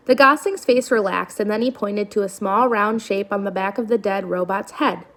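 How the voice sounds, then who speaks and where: A woman reading a children's novel aloud in steady storytelling narration. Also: medium pitch, normal speed, few pauses. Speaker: reader.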